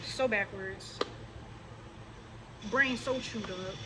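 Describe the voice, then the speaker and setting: A woman of medium pitch talks extremely slowly, with background noise behind her. She is a religious vlogger ranting directly to camera, scolding and confronting her viewers and mocking those she addresses.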